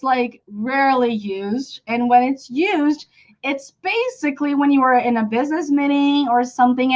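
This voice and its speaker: Chatty Brazilian woman teaching English, high voice. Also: a bit bright. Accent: Brazilian Portuguese. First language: Portuguese. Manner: chatty, explains with many fillers and apologies. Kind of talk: live online lesson. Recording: dull lo-fi stream audio.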